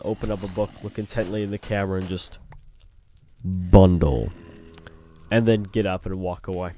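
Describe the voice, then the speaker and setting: A man's voice: on the low side, darkish tone, slight background noise. A young Canadian man with a Canadian accent, rambling goofily as he gives let's-play commentary and toys with words. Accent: Canadian English. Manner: rambling, goofy, plays with words. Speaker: gaming video host.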